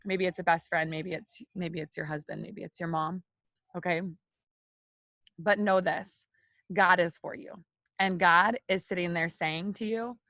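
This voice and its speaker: Young woman leading a heartfelt faith talk, chatty and repetitive, middle pitch, dry recording. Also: fairly even intonation, normal speed, a bit bright, no echo. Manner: candid, confiding, repeats phrases, frequent "like" and "right?". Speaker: faith video host. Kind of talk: personal devotional talk to viewers.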